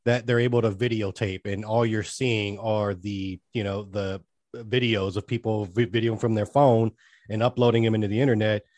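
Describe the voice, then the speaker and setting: Laid-back low-voiced podcast co-host man. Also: little pitch movement, moderate pace, darkish tone, dry recording. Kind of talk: casual chat.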